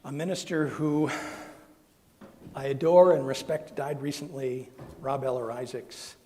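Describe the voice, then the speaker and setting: A male minister telling an emotional personal story during a sermon, with soft, tender quoted voices. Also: medium pitch, fairly even intonation, unhurried, a little hiss or hum. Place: church sanctuary. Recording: long hall reverb.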